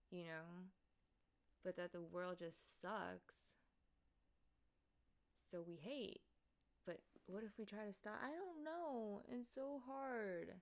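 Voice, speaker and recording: A young woman livestreaming, chatting casually and rambling with lots of swearing and laughing asides as she reads the chat. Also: mid-range voice.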